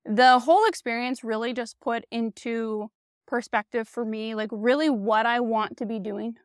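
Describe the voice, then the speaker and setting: A woman in her thirties hosts a solo podcast, speaking with a somewhat high, smooth, clear voice. She is candid and blunt, swears freely, and leans on "like" and "you know". The sound is dry and close, with no room in it. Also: dry recording. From United States. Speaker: podcast host. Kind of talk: casual solo podcast monologue.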